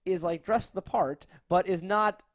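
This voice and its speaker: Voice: medium pitch, unhurried, no room sound, studio quality. A co-host in a casual chat, talking animatedly with swearing and playful quotes. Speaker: podcast co-host.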